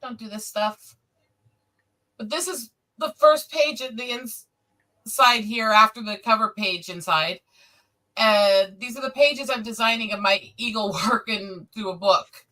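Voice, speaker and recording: Bright, gushing woman streamer. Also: fairly high pitch, unhurried. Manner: gushing, emotional, laughs often. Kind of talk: casual live-stream chat.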